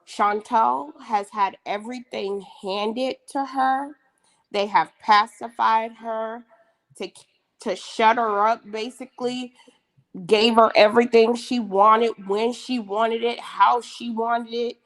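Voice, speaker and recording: A woman on a casual livestream panel, speaking in an earnest, measured way. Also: a little high, steady tone.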